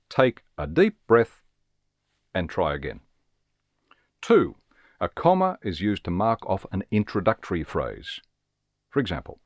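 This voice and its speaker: A man with a very deep voice narrates a scripted lesson, his pitch rising and falling with lively emphasis. He explains in a measured, teacherly way and reads examples aloud. The sound is close and dry, with no room echo. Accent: Australian. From Australia. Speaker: teacher giving a webinar.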